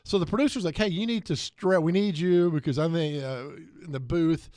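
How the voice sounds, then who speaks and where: Man, sports radio host, animated storytelling, higher voice, dry studio sound. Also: brisk, no room sound. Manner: animated anecdotes with laughs. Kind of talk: casual sports talk storytelling.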